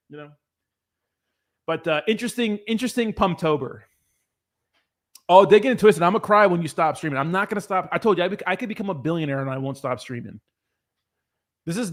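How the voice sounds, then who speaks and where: A man's voice: high-pitched, fairly bright tone. A young man hosting a casual livestream, reading viewer comments and joking around with laughter and lots of swearing. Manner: joking, laughing, profane and loose. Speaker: crypto livestreamer.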